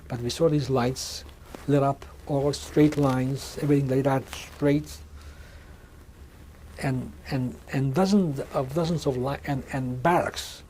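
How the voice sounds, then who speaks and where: A man in his sixties giving a measured oral history testimony in an interview, often restarting and repeating words as he speaks. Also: mid-range voice, steady tone, dark tone, slight background noise. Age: 60s. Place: museum interview room.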